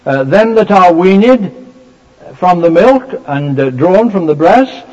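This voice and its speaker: A man preaching a sermon, explaining scripture in a measured way with many fillers and restarts. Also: sits high, expressive, darkish tone. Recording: dull lo-fi recording.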